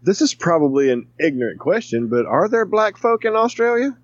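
A man's voice: sits high, sing-song, brisk, no echo. Man asking questions, dull dry sound. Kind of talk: casual chat.

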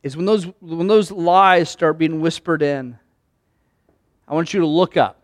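A man preaching an impassioned Easter sermon as pastor, swinging from hushed talk to shouts. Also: fairly high pitch, unhurried, dry recording. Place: church sanctuary.

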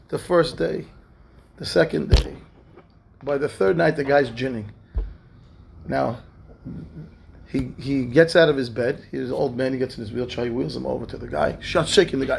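A man's voice: a little high, normal speed, creaky, a little hiss or hum. A man, a rabbi, telling a story in a lesson and acting out the characters' lines in raised voices. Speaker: rabbi teaching a class.

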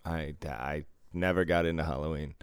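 Deep-voiced, crude joking man with Boston accent. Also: fairly even intonation, normal speed, clear, resonant tone, dry recording, studio quality. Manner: crude, joking, laughs often. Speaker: podcast co-host. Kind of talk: casual chat. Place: Las Vegas.

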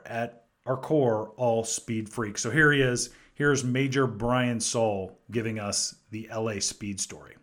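A man hosting a podcast, introducing a recorded story in a relaxed, conversational way. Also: medium pitch. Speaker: podcast host. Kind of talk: introducing a clip.

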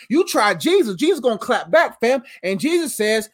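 A woman preaching a sermon in an animated, emphatic way, using slang and calling her listeners "fam.". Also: fairly high pitch, normal speed.

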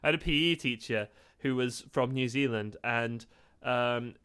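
A man's voice: mid-range voice, measured pace, a bit bright, clear, resonant tone. A young man co-hosting a podcast in casual chat, teasing and laughing often. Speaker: podcast co-host.

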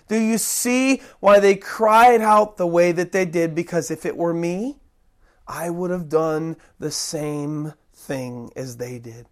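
Preacher, sermon, conversational, dramatic shouted pleas, rambling restarts. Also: mid-range voice, fairly even intonation, slow pace. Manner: dramatic, acts out the cries of those he preaches about.

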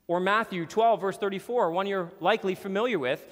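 A man preaching a sermon in a church hall with a screen behind him, earnest and emphatic, slowing down to read scripture. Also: high-pitched. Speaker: pastor.

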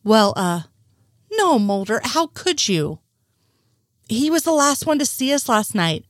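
A woman's voice: fairly high pitch, very animated, measured pace, dry recording, studio quality, voice pushed up. A woman reading the lines of an exasperated male FBI agent in her own voice.

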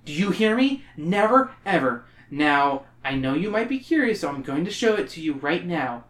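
A man's voice: a little high, big pitch swings, normal speed, a bit bright. A man voicing a stern, protective mother who firmly warns her two daughters. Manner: stern, firm warnings. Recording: roomy echo.

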